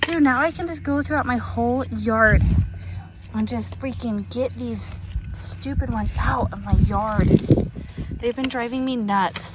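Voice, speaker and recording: A woman's voice: on the high side, measured pace. Bubbly woman vlogging outdoors. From Texas. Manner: chatty, bubbly, excitable, lots of ums. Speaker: gardening vlogger. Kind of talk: casual outdoor how-to vlog. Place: outdoors in a backyard. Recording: outdoor noise behind the voice.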